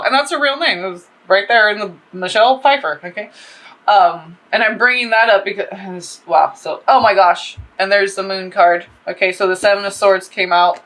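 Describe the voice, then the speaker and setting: Bright-voiced woman doing a profane tarot reading. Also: medium pitch, measured pace, long pauses, rough recording. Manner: rambling, profane, animated. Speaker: tarot reader. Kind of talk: casual tarot reading monologue.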